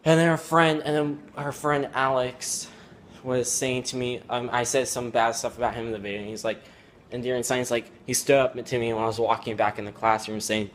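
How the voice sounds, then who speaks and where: A teenage boy talks through a confessional vlog in a regretful, downcast way. He rambles and stalls, restarting sentences and leaning on filler words. His voice sits at a middle pitch, with a faint hiss of noise behind him. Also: a bit bright. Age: teens. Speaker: vlogger.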